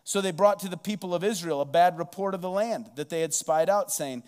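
A man's voice: high voice, fairly quick, few pauses, darkish tone, smooth, big-room sound. A man preaching a sermon as pastor, reading scripture aloud and asking the listeners rhetorical questions.

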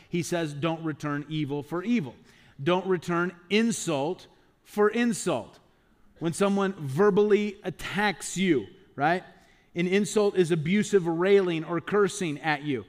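Emphatic man preaching a sermon. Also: high voice. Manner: emphatic preaching with rhetorical questions and acted-out quotes. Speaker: pastor.

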